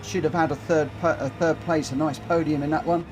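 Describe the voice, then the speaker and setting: A man's voice: fairly high pitch, fairly even intonation, fairly quick, music in the background. A man live-streaming a racing game, chatting casually and poking fun at his own mistakes. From United Kingdom. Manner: self-deprecating, chatty, talks to himself while racing. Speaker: gaming streamer. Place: home gaming setup, indoors.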